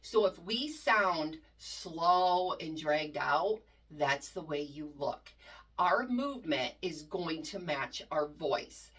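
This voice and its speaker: A woman coaching cheerleading, teaching with emphatic explanations and loud demonstrations of chants. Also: fairly low pitch, slightly rough, far from the mic. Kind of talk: instructional talk to coaches.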